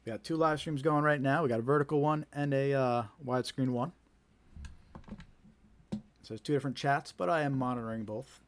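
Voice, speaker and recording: A man's voice: medium pitch, brisk, long pauses. Chatty New Jersey man hosting a live stream. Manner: chatty and conversational, many fillers and repeated starts. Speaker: host of a scam awareness live stream. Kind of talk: casual live-stream chat.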